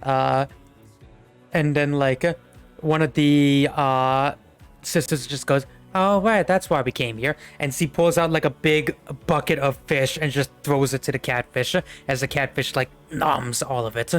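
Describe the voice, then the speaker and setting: A man's voice: medium pitch, level tone, measured pace, smooth, soft background music. A young man narrating a tabletop game as game master, rambling with many fillers.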